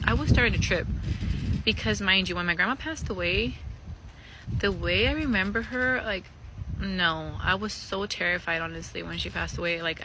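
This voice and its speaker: A woman's voice: on the low side, very noisy. A young woman telling a story in a candid, chatty way, swearing freely and filling her speech with "like" and "you know.". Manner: candid and profane, with many fillers. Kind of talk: casual storytime vlog.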